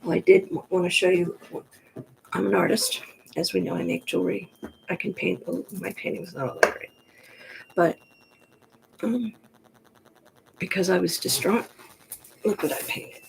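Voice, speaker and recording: A woman from the New York Pocono area with a gruff voice, rambling frankly in a casual monologue to the camera. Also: lowish voice, steady tone, normal speed, long pauses, a little hiss or hum, poor audio. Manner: chatty, digressive, frank. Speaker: vlogger.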